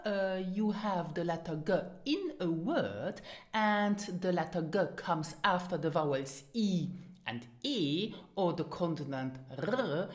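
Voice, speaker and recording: A woman teacher runs a pronunciation lesson at an unhurried pace. Her voice sits a bit low, but her pitch moves a lot. She says each example word carefully and then says it again. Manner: patient, models words twice for repetition. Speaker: language teacher.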